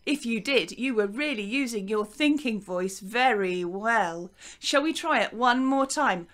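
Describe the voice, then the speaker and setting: A woman teaching a recorded music lesson for young children, lively and encouraging in a sing-song teacher voice. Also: on the high side, a little slow. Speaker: primary school teacher.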